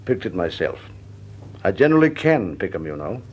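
Casting: attore per un anziano dirigente britannico, impacciato e cordiale, voce un po' roca, stile radiodramma d'epoca. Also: male voice, low voice, very animated, fairly quick, a little mellow. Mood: genial. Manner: bumbling, flustered, hesitant. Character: genial blustering older male company chairman. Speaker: actor in radio drama. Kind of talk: vintage radio drama acting. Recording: dull lo-fi old radio recording.

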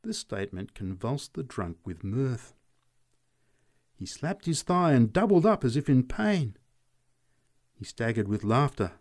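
A man narrating short stories aloud in an expressive reading voice. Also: mid-range voice, measured pace, long pauses. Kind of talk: story reading.

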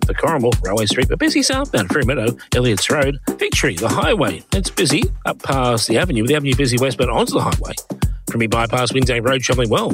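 A man reading a brisk radio traffic report. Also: mid-range voice, big pitch swings. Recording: music bed under voice.

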